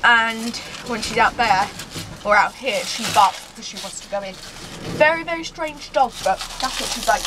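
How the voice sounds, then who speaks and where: A young woman chatting in a casual vlog in a windy garden, giggly and talking in sing-song baby talk to her pets. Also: on the high side. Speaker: vlogger. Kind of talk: casual outdoor vlog chat. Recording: wind noise outdoors.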